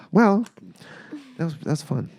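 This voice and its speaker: Canadian man, podcast co-host, very expressive pitch, playful, dry studio sound. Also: slow, slightly rough, dry recording. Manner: animated, joking, playful mimicry. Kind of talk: casual chat.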